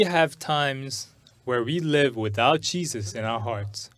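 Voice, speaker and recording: A middle-aged man preaching a sermon in English at a church service. He tells a personal story in a halting way, often repeating and restarting words. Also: medium pitch, lively intonation, a bit bright. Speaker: pastor.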